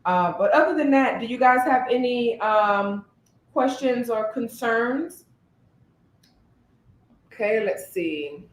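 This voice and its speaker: A woman who works as a therapist, co-hosting a casual podcast, talking in an animated and thoughtful way and sometimes searching for her words. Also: a little high, takes it slowly, long pauses. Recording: roomy echo.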